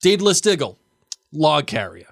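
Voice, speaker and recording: A man's voice: on the high side, sing-song, normal speed, gravelly, no room sound, clean studio sound. A man co-hosting a podcast, talking about a book in a wry, offhand way with many restarts. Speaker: podcast co-host. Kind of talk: casual book discussion.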